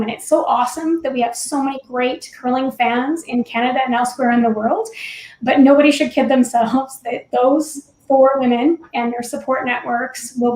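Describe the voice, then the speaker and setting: A woman's voice: high-pitched, darkish tone. A middle-aged woman, a former Olympic curler, speaking thoughtfully and candidly as a panel guest, with easy laughs. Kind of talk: reflective panel discussion. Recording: roomy echo.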